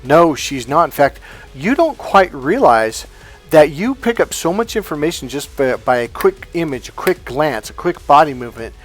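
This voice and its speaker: A man's voice: a little high, very animated, moderate pace, faint music behind. A man coaching men on relationships in an emphatic, profane monologue, acting out both sides of arguments.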